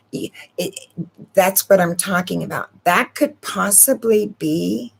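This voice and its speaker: A woman hosting her own channel, giving an unhurried spiritual talk to viewers and often asking rhetorical questions. She is sniffling a little. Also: lowish voice, creaky, husky. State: sniffling from allergy medicine. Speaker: channel host.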